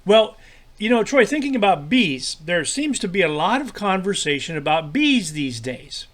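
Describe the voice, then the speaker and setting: A man leads a children's devotional lesson in a warm but halting way, full of fillers and repeated words. His voice is high and a bit bright, and he is very animated.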